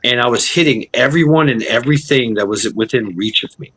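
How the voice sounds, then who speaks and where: A man's voice: mid-range voice, a little fast, a bit bright, slightly rough, rough recording. A man in casual livestream chat, telling a story intensely with swearing and repetition.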